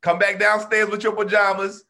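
High, bright-voiced man telling stories. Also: moderate pace. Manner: animated, slangy, acts out quotes. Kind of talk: casual storytelling chat.

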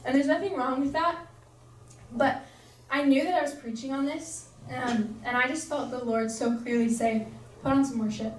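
A woman's voice: sits high, normal speed, a little hiss or hum. A young woman giving a casual, earnest sermon, chatty and full of fillers. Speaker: preacher. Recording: echoey room, voice from far off.

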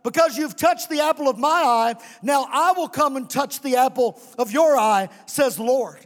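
A male pastor preaching a fiery sermon to a congregation, sometimes shouting and chanting his lines. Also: very high voice, normal speed, in a large hall. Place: church sanctuary.

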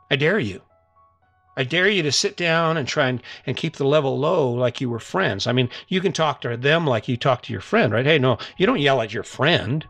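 A middle-aged man with a fairly high, gravelly, fairly bright voice hosts a podcast, recorded with no echo. His motivational monologue is earnest and coaxing, circling back repeatedly to a single challenge for his listeners.

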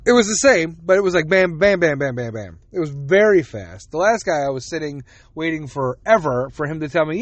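A man's voice: fairly high pitch, lively intonation, fairly quick, no echo. A man hosting a casual solo podcast, rambling and swearing as he retells conversations, tired and yawning. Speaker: podcast host.

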